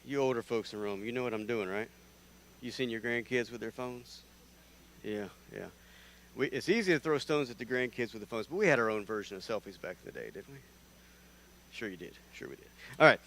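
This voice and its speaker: A man from North Carolina, preaching a conversational sermon in a church, lively and prone to restarting his sentences. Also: mid-range voice, a little hiss or hum. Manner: animated, conversational, with repeated restarts.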